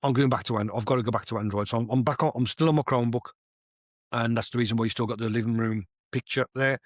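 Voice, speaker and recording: A man's voice: mid-range voice, steady tone, quick pace, dry recording, studio quality. A middle-aged man hosting a podcast, ranting casually and swearing freely as he rambles through a story. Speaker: podcast host. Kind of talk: casual rant.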